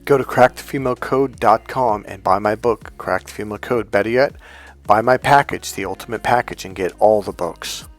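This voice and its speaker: A man's voice: lowish voice, moderate pace, faint music behind. A man talking as a dating coach, emphatic, swearing now and then and acting out the voices of people he quotes. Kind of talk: coaching talk to camera.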